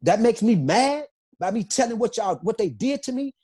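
Husky-voiced man, emphatic and insistent. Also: high-pitched, very animated, moderate pace, mellow. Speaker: interview guest. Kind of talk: emotional interview testimony.

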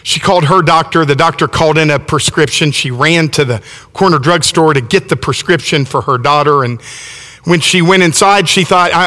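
High, bright-voiced Southern preacher. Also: male voice. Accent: Southern American. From Alabama. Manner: folksy, enthusiastic, frequent restarts. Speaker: visiting preacher. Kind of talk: sermon with storytelling. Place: church sanctuary. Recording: long church reverb.

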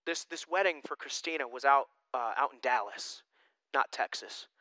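Energetic, forceful young preacher. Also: male voice, medium pitch, normal speed, dry recording, low-quality recording. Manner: animated, joking, conversational. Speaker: pastor. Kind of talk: sermon.

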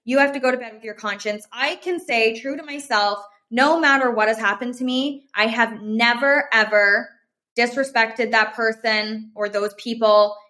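A woman's voice: fairly high pitch, steady tone, moderate pace, pushed and bright. A woman co-hosting a business podcast, speaking candidly and emphatically. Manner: candid and emphatic, frank opinions. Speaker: podcast co-host. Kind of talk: casual podcast conversation.

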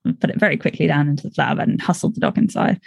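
A woman's voice: low-pitched, very fast, gravelly, darkish tone, breathy edge, no room sound, highs cut off. An English woman co-hosting a podcast, chatting casually, wandering into tangents and laughing often. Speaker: podcast co-host. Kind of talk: casual chat.

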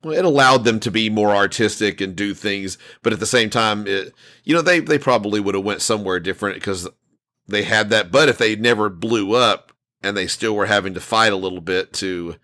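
Low-voiced rambling podcast host, a man. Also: brisk, sharp tone. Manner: rambling storyteller with many restarts and fillers. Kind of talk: casual chat.

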